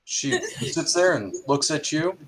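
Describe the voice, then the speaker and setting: Lively game master, a man with an animated, rising-and-falling voice. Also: a little high, slow, slight background noise, low-quality recording. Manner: lively, loose narration with fillers. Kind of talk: narrating a tabletop game.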